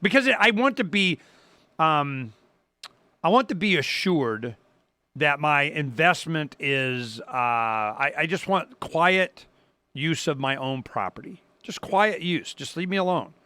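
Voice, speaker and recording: A man's voice: fairly high pitch, lively intonation, slow, bright, forceful tone, no room sound. A man hosting a talk show, speaking in an emphatic, rambling way with frequent restarts. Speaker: radio talk show host. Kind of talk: casual talk-radio conversation.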